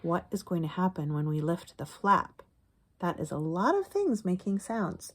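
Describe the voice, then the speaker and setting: A woman reading a picture book aloud to children, pausing to explain words and letter sounds in a teacherly way and shushing softly between lines. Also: fairly low pitch, big pitch swings, a little hiss or hum. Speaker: children's story reader.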